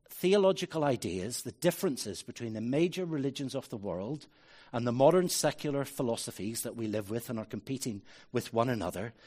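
A man's voice: medium pitch, darkish tone. A man preaching a sermon as a pastor, earnest and building to emphatic rhetorical questions.

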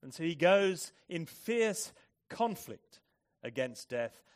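A man preaching a sermon, moving between hushed, measured reflection and loud, forceful emphasis. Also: fairly high pitch, big pitch swings.

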